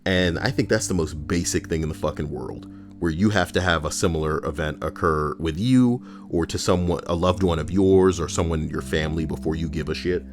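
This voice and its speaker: A man with a remarkably deep, low voice reads stories aloud on a stream. He stops often for blunt commentary full of swearing, while soft guitar music plays faintly behind him. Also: a little fast. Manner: blunt, profane asides.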